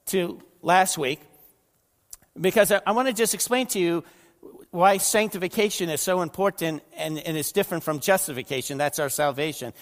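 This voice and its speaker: A man's voice: high-pitched, in a large hall. An older man preaching a conversational sermon, often repeating words and putting questions to his listeners. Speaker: pastor. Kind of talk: sermon with slides.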